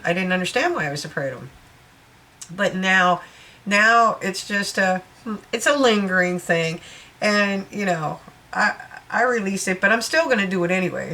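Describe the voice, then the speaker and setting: Chatty woman with a bright, lowish voice. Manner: rambling, chatty, with frequent check-ins and laughs. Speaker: tarot reader. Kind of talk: casual spoken tarot reading.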